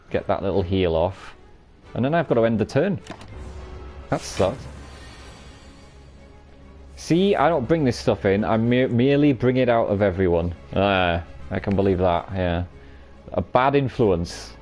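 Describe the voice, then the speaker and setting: A man's voice: low voice, expressive, measured pace, long pauses, a little mellow, faint music behind. A man streaming a card game live, commenting on his plays and bantering with viewers while cursing freely. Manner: banter-filled, swears freely, teases chat.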